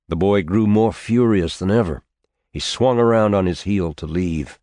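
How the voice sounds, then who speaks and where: A man narrates an audiobook in a steady, measured way. His voice sits very low, and the recording is dry and close with no room sound. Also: dry recording. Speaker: audiobook reader. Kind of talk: scripted narration.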